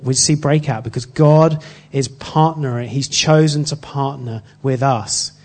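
A man preaching in a relaxed, storytelling way, speaking at a middling pitch for a man. His delivery is earnest but halting, full of restarts and small hesitations. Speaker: church speaker. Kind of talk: informal sermon with personal story.

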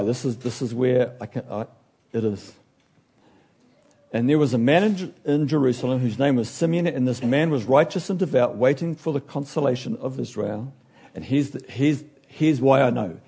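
A man preaching a sermon in an animated way, acting out the figures he talks about and now and then losing his place. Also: medium pitch, gravelly, breathy edge. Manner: animated, acts out biblical figures, loses his place and laughs.

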